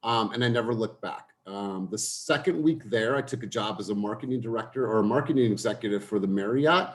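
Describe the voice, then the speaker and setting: A man's voice: fairly low pitch, fairly quick. A young man leading a group coaching call, telling a personal story in an earnest way and speaking directly to the group.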